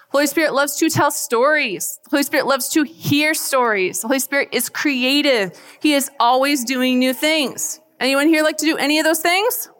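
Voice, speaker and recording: A woman giving a faith talk to a live audience, chatty and animated, often asking the crowd questions. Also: high voice, moderate pace, few pauses. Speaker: speaker at a church event. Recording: long hall reverb.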